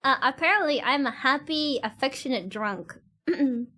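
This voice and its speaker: Giggly high-voiced woman streamer. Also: animated, normal speed, pushed and bright. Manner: giggly and chatty, laughs often; loose, slightly non-standard grammar. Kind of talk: casual chat with stream viewers.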